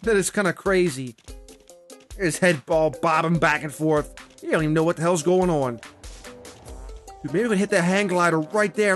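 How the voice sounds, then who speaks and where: A young man hosts his own gaming channel, delivering casual, excitable commentary on his play. He swears a lot and bursts into loud outbursts, and his voice sits on the high side.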